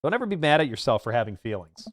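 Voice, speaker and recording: A man reading the lines of a dad comforting his daughter in a dating game, soft and earnest. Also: mid-range voice, very animated, very fast, lightly acted. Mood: gentle.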